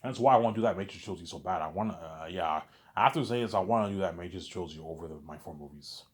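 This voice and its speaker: A man's voice: sits low, quick pace. A man telling a story in a casual, rambling way, full of repeated filler phrases. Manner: rambling, repeats "you know what I'm saying".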